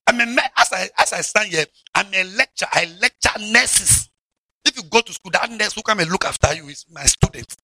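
A man preaching a lively, mocking sermon to children, shouting and drawling words for emphasis. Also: sits high, fairly quick.

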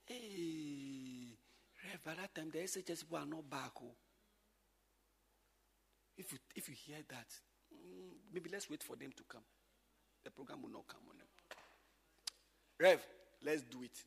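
A man, a pastor teaching a church group informally, swinging from loud exclamations to quiet asides. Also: a little high, unhurried, creaky, long pauses, breathy edge, big-room sound.

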